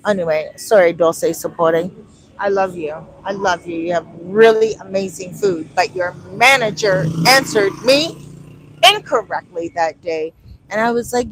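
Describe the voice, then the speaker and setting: Out on a street, a woman vlogs casually on her phone, telling stories with animation and acting out the back-and-forth dialogue. Her voice is mid-range at a normal speed, and the recording is rough.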